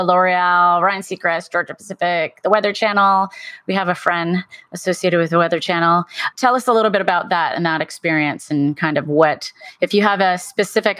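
A woman's voice: fairly low pitch, a bit bright, no echo. A woman podcast host guiding the talk with friendly, prompting questions. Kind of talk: conversational interview.

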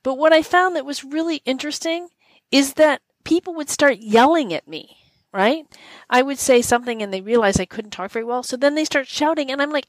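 Relaxed woman in dry close sound. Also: high voice, brisk, no room sound. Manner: relaxed, thoughtful, rambling restarts. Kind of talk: casual conversational chat.

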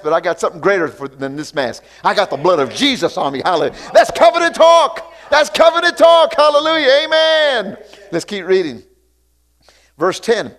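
A man preaching a sermon. He reads scripture aloud, comments on it, and mixes in call-outs and repeated hallelujahs, sometimes slowing down to stress words. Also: sits high, fairly bright tone. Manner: sudden stretches of slow, drawn-out emphasis. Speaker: pastor.

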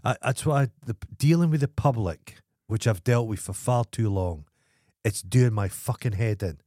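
A man's voice: mid-range voice, moderate pace, mellow, dry recording, studio quality. A middle-aged man with a Scottish accent, co-hosting a podcast, telling stories bluntly and grumpily with lots of swearing. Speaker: podcast co-host. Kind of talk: casual chat.

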